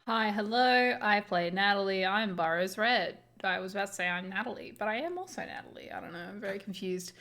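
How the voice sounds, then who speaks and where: A woman's voice: medium pitch, lively intonation, a little fast, hardly any pauses, a bit bright. Giggly woman player chatting. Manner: giggly, trails off, self-deprecating. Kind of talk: casual chat at a tabletop game.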